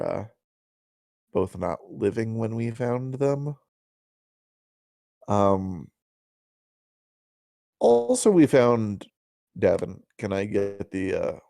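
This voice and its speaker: A man's voice: lowish voice, gravelly, dark tone, no room sound. A man playing his character in a tabletop game, casual and joking, often hesitating for words. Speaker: player. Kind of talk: in-character tabletop role-play.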